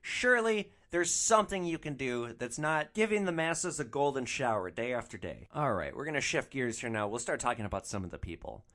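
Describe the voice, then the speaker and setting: A young man hosting a solo podcast, telling stories in an animated, ranting way and swearing freely. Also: mid-range voice, fairly quick, few pauses. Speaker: podcast host.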